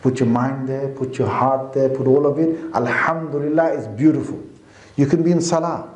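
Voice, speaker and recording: A man's voice: mid-range voice, fairly even intonation, normal speed, darkish tone. A man preaching a sermon in a casual, conversational teaching style. He often checks in with his listeners and sometimes breaks into chanted verses. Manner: chants Quranic verses and dhikr. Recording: echoey room.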